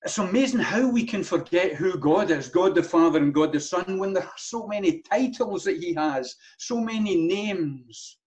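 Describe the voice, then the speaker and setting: A man's voice: sits high, animated, moderate pace, few pauses, darkish tone. A man preaching a sermon as pastor, earnest, with many rhetorical questions and repeated phrases. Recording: dull lo-fi sound.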